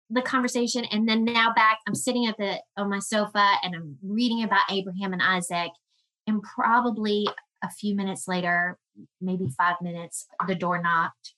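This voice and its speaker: A woman guest on a podcast, telling a personal story in an earnest, emotional way with halting restarts. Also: mid-range voice, pushed and bright, rough recording.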